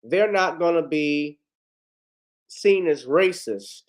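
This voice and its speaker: Indignant male livestream host, fairly high voice. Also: slow pace. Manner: indignant and blunt, swears freely. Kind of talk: heated commentary.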